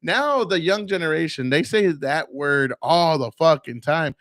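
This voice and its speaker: A slightly high, fairly bright voice at a measured pace belongs to a forties-aged solo podcast host. He rambles, curses freely, leans on fillers, and keeps coughing. Studio quality without echo.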